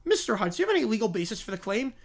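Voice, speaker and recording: A man's voice: high-pitched, sing-song, racing, heavily acted. A weary judge, voiced by a man, keeps order with dry impatience. His lines are clipped and formal in a comedic courtroom sketch. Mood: impatient.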